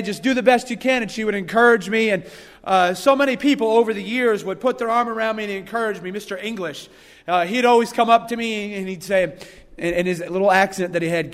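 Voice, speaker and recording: A man preaching a folksy sermon who reads scripture slowly and with emphasis. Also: high-pitched, a bit bright, big-room sound. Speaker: guest preacher. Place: church hall.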